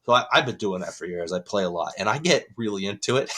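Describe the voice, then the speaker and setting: Low-voiced man telling a rambling story. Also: expressive, brisk, fairly bright tone, a little hiss or hum. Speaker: podcast co-host. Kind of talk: casual podcast chat.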